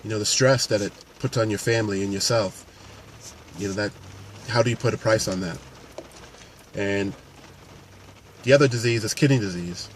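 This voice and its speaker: A man's voice: lowish voice, moderate pace, long pauses, a little hiss or hum. A man, a paramedic and fitness coach, talking earnestly and unscripted to camera with frequent restarts. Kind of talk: casual talk to camera.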